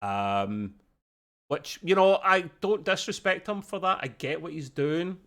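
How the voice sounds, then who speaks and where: A man, hosting a casual TV review chat, chatty and quick to laugh. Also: fairly high pitch. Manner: chatty, animated, laughs often, quick quoted voices. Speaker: podcast host reviewing a TV episode.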